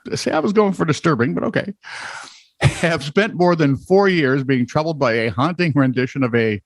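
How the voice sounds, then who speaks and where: A man's voice: a little high, moderate pace, no room sound. A man co-hosting a comedic news podcast, reading strange headlines with wry asides in a casual chat. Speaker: podcast co-host.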